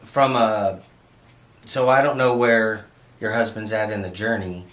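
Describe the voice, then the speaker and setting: A man co-hosting a candid home chat, speaking haltingly and searching for his words. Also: on the low side, fairly even intonation, a bit bright, reverberant. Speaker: co-host living with dementia.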